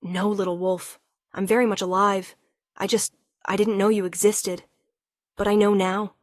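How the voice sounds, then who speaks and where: A woman voicing a powerful, scarred wolf king who speaks in a hushed, broken, emotional way. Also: medium pitch, level tone, moderate pace, no echo, studio quality, close to an everyday voice. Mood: tender. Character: powerful scarred male wolf king, grieving yet tender.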